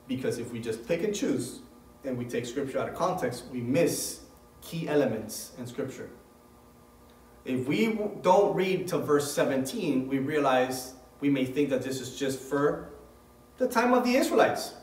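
Pastor preaching in an echoey room. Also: male voice, mid-range voice, lively intonation, normal speed, a little mellow, far from the mic. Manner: reads scripture then preaches with rising emphasis. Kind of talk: sermon.

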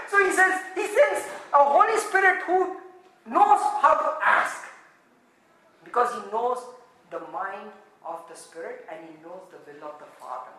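Lively man preaching, high voice, laughs a lot, super echoey church hall. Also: normal speed. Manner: animated, laughing, acts out quotes. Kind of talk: sermon.

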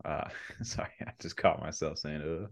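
A man's voice: extremely low pitch, normal speed, vocal fry. A man co-hosting a podcast in a casual, rambling way, with many fillers. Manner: rambling, laid-back, many fillers and laughs. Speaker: podcast co-host.

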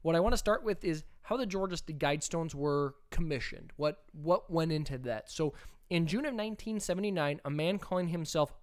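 Bright-toned man telling a story. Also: fairly high pitch, a little fast. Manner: animated, emphatic storyteller. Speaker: podcast co-host. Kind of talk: casual chat, storytelling.

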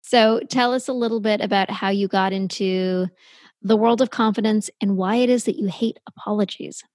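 A woman's voice: medium pitch, fairly even intonation, normal speed, darkish tone, no room sound, clean studio sound. A woman hosting a podcast, introducing her guest in an upbeat, effusive way. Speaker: podcast host.

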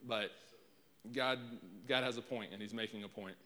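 A man's voice: lowish voice, steady tone, normal speed, pushed and bright. A man preaching a conversational sermon in a casual way, often repeating words as he restarts. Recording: long hall reverb.

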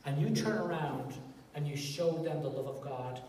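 A man preaching a sermon in a jokey, animated way, swelling loud at times. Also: on the high side, normal speed, slight background noise. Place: church hall. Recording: echoey hall from far off.

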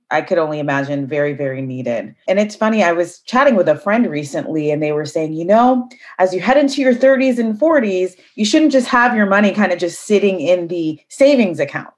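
Lower-voiced enthusiastic woman co-host. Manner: enthusiastic, affirming. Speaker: podcast co-host. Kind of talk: casual podcast interview.

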